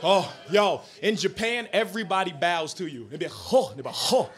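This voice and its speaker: A man performing a stand-up comedy set on a club stage, swinging from quiet asides to shouted punchlines. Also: sits high, expressive, a little fast. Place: comedy club stage before a laughing audience. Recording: live club recording with audience noise.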